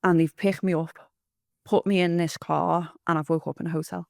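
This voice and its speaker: A woman's voice: lowish voice, steady tone, normal speed, vocal fry, a little mellow, dry recording, studio quality. A woman giving blunt, rambling testimony, swearing freely as she tells her story. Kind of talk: candid storytelling.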